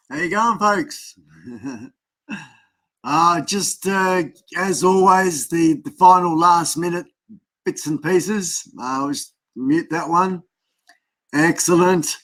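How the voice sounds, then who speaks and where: A man's voice: on the high side, slow pace, pauses often, fairly bright tone. An Australian man hosting a casual live stream, chatting and rambling to himself while he adjusts his camera and screens. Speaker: livestream host.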